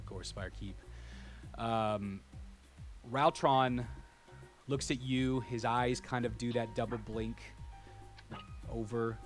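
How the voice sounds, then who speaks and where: A man narrating a tabletop game as game master, describing scenes in detail and often pausing with fillers. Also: on the low side. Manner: descriptive with frequent fillers and restarts.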